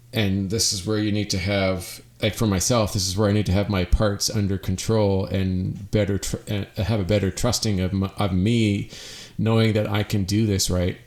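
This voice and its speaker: A man's voice: lowish voice, darkish tone. A middle-aged man hosting a solo podcast, talking in an earnest, reflective way and often restarting his phrases. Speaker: podcast host.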